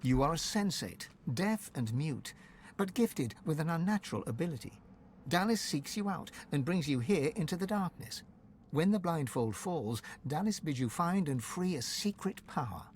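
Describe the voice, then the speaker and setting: A man narrating a fantasy game in an expressive, scripted storybook delivery. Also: on the high side, normal speed, slight background noise, natural voice.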